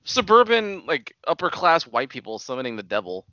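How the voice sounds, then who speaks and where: A man's voice: a little high, very animated, a little fast, bright, forceful tone, dry recording, dull audio. A man co-hosting a casual podcast, tossing in short, dry, wry remarks. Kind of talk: casual chat.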